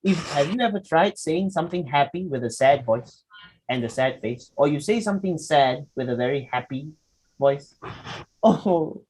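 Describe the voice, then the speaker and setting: A young man leads a public speaking workshop. He moves through his slides in a lively way, stopping to ask his listeners questions. He slips into short acted examples to make each point. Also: on the high side, slightly rough, low-quality recording. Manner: lively, acts out quick examples, asks the audience questions. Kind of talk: lecture presentation with slides.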